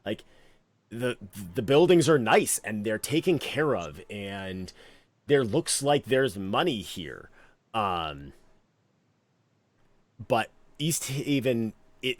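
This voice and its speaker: Brief man, game master, low voice, easygoing rambling narration. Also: no echo. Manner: relaxed, meandering narration with many fillers.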